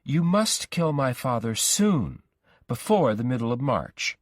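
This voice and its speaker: A man voicing a menacing, obsessive young man, his voice pushed up high and strained. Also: very animated, a little slow, no room sound, studio quality. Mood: insistent. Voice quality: raised, strained pitch.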